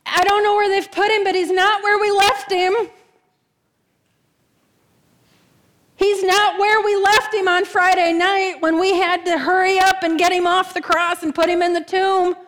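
A woman's voice: extremely high pitch, flat delivery, normal speed, few pauses, a bit bright, voice pushed up. A woman preacher voicing a grieving, worn-out woman who pleads urgently for help. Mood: frantic. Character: grief-stricken woman, frantic and worn out.

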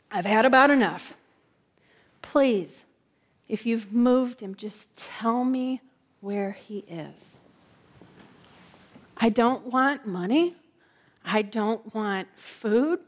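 A woman preacher voicing a grieving, worn-out woman who pleads urgently for help. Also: on the high side. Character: grief-stricken woman, frantic and worn out.

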